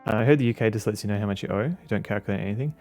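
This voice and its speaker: A man with an Australian accent streaming a game, chatting casually in a halting, rambling way with many fillers. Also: lowish voice, a little mellow, soft background music. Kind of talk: casual commentary while playing a game.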